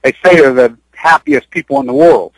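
A man's voice: high-pitched, wildly swooping pitch, brisk, creaky, no echo, low-quality recording. A man speaking on a radio interview, urgent and rambling, repeating himself as he pushes his point. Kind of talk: impassioned radio interview talk. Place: Utah.

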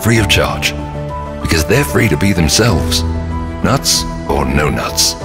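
A low-voiced man reads a spoof corporate ad with a deadpan, earnest delivery. His pitch swings widely, and music runs underneath. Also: slow. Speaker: company spokesman in a parody ad.

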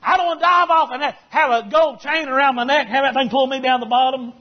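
A man preaching as a Baptist pastor, folksy and joking, who builds to shouted preaching. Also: very high-pitched, fairly even intonation, fast. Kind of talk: sermon. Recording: dull lo-fi recording.

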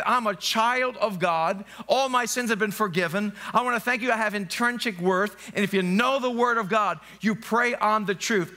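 A man's voice: high voice, sharp tone. A male pastor preaching an emphatic sermon in a church, repeating phrases and slipping into spoken prayers. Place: church sanctuary.

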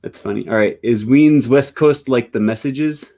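A man hosting a live stream, talking in a loose, rambling way full of fillers as he reads viewer comments aloud. His voice sits at a medium pitch and sounds like it comes over a video call. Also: moderate pace, mellow. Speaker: host.

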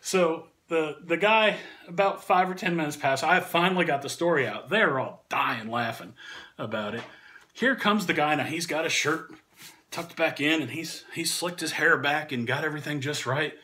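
A man casually telling a funny anecdote, animated and often laughing through the story. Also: fairly high pitch, moderate pace. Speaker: channel host and storyteller.

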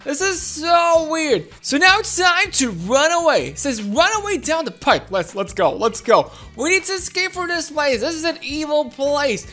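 A woman commentating her own gameplay, excitable and giggly, often talking to viewers. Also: high-pitched, moderate pace, hardly any pauses, faint music behind. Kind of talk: playful game commentary.

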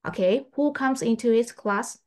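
A woman English teacher, patiently testing a young pupil and repeating her questions slowly. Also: fairly high pitch. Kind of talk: online English test with a child.

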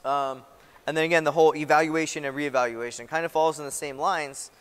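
A man's voice: a little high, fairly even intonation, a little fast, a bit bright, clear, resonant tone. A man teaching a class as a military instructor, talking conversationally and often checking in with "right?". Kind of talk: classroom lecture. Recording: long reverb in a hall-like room.

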